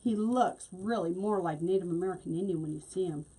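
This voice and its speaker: Chatty husky woman crafting. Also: lowish voice, fairly quick, mellow. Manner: chatty, laughs often, talks while working. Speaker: wreath-making host. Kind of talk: casual craft tutorial chat.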